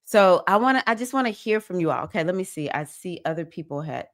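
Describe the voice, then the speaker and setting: A woman hosting a casual livestream chat, reading viewers' comments and cheering them on with bursts of whoops. Her voice sits a little low for a woman. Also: expressive, quick pace. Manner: reads viewer comments aloud. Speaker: livestream host.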